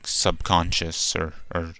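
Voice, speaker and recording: A young Canadian man rambles through casual game commentary in a very deep, gravelly voice with a bright, sharp edge. He stumbles, restarts and swears as he sorts out his thoughts. Faint game music plays behind him. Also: monotone, slow pace, no room sound. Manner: meandering, stumbling, swears freely, self-correcting. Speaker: let's play streamer.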